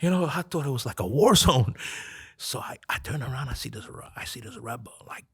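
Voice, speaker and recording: Gravelly, husky-voiced man telling stories. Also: medium pitch, brisk. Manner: animated, acts out quoted dialogue, laughs often. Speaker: podcast guest. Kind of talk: casual storytelling chat.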